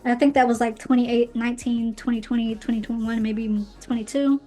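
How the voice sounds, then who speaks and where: A woman's voice: fairly high pitch, little pitch movement, quick pace, warm tone. A woman hosting her own podcast, casually recapping a book series in a chatty, opinionated way with playful asides. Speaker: podcast host reviewing books. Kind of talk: casual commentary. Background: faint background music.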